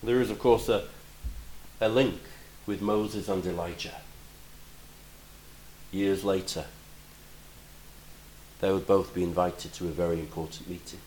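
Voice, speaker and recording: A man preaching a sermon, animated, moving between loud emphatic lines and quiet, reflective asides. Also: deep voice, a little slow, pauses often, roomy sound, a little hiss or hum, rough recording.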